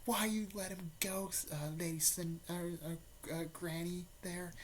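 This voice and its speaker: A man's voice: high voice, steady tone, normal speed, slight background noise, voice pushed up, natural voice. A man voicing a grieving, emotional teenage girl ninja in a raised, strained voice that drops to a whisper at times. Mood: grief-stricken.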